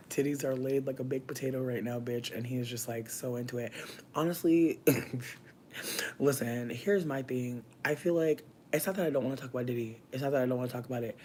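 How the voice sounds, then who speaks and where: A man giving casual comedic commentary in a campy, animated way, laughing often and using heavy slang. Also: mid-range voice, normal speed, pauses often, slight background noise.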